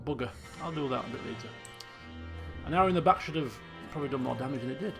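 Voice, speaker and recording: A man's voice: mid-range voice, fast talker, creaky. A man chatting casually and self-mockingly while streaming a video game. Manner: chatty, self-mocking, frequent restarts and laughs. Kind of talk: live game commentary. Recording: faint guitar music behind.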